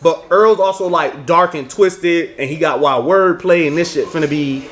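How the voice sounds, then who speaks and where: A man's voice: on the high side, normal speed, fairly bright tone. A man co-hosting a podcast, talking bluntly about music with slang and teasing retorts. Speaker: podcast co-host. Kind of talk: casual music debate.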